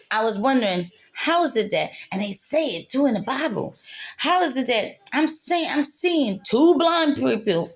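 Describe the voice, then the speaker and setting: Emotional woman sharing her faith story. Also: fairly low pitch. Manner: emotional, repetitive, laughs through tears; spiritual, speaks of God and faith. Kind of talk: candid personal monologue.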